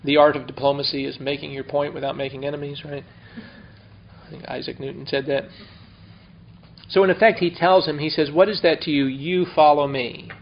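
A man's voice: fairly high pitch, steady tone, fairly quick, gravelly, slight background noise. Man teaching scripture, lo-fi recording. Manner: conversational, explains and asks the class. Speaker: Bible teacher. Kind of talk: verse-by-verse Bible teaching. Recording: dull lo-fi recording.

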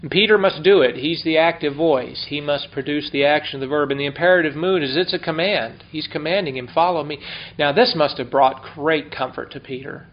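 Male Bible teacher, slightly high voice, chatty verse-by-verse style, muffled lo-fi sound. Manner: conversational, explains and asks the class. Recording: dull lo-fi recording.

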